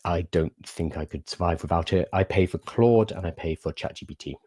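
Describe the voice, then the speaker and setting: Low-voiced man, chatty livestream host. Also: brisk, a little mellow, breathy edge, dry recording, clean studio sound. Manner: chatty, explanatory, answers viewer questions. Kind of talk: casual livestream chat.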